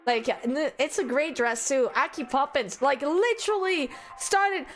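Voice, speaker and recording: A young French woman with a French accent, chatting casually on a live stream as an artist, animated and freely swearing as she greets her chat by name. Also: high-pitched, a little slow. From France.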